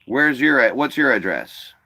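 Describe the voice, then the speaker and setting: A man's voice: mid-range voice, lively intonation, normal speed, creaky, pushed and bright. A man hosting a livestream, chatting casually and bluntly with callers, joking and swearing freely. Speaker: livestream host. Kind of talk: casual profane livestream chat.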